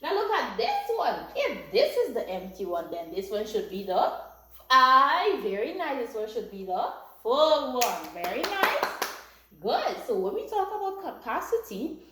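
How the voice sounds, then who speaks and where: A woman teaching a young class, her fairly high voice swooping up and down as she coaxes and praises in a sing-song way. The recording carries the echo of the classroom around her. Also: a bit bright. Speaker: primary school teacher. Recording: echoey room.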